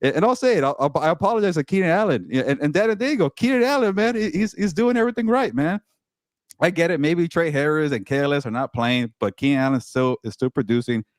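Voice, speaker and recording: A man co-hosting a casual sports talk show, excitable and quick, often repeating words as he goes. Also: fairly high pitch, no room sound, clean studio sound. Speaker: co-host and team reporter.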